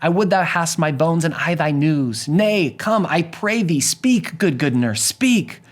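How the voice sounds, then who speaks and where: A man's voice: a little high, lively intonation, unhurried, voice pushed up. A man reading the lines of an impatient teenage girl in a raised, pleading voice.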